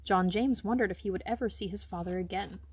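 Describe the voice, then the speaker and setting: A woman reading a children's picture book aloud, with gentle, expressive storytelling. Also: medium pitch, fast, slightly rough. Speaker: reader.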